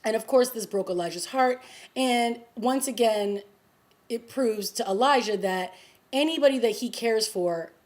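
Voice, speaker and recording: A woman recapping a TV episode in a casual vlog, excited and gushing, with lots of fillers, acting out the characters' lines. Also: measured pace. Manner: acts out quoted lines with raised pitch. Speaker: TV review vlogger.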